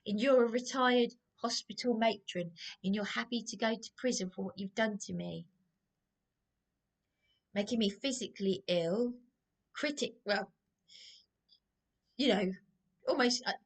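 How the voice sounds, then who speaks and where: This YouTuber's angry rant comes in a mid-range voice at a measured pace, with frequent pauses. She points fingers directly, repeats herself and trips over her words.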